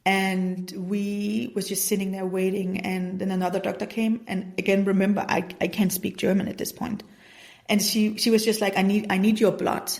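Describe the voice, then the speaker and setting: Woman telling her story on her podcast, kinda gravelly voice, acts out what everyone said. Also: mid-range voice, little pitch movement, normal speed, a little mellow. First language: Danish. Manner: earnest, re-enacts dialogue with "I was like". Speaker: podcast host. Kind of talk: personal storytelling.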